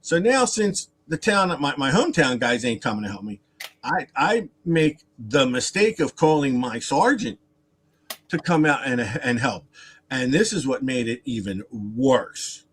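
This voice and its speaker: Lively man telling a rambling story. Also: medium pitch, unhurried, husky. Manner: animated and rambling, with repeated words, asides and laughter; acts out other people's lines in a raised voice. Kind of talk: casual storytelling on a live stream.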